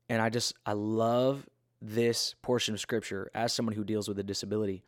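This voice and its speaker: A man's voice: fairly low pitch, level tone, fairly quick, no room sound, clean studio sound. A man giving a casual, earnest Bible talk in a conversational, self-deprecating way.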